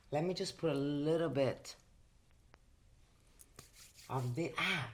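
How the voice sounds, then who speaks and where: A woman's voice: extremely low pitch, measured pace, long pauses, slight background noise. A woman from Italy with an Italian accent, chatting casually in a makeup vlog from her bedroom, emphatic and full of fillers. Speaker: host.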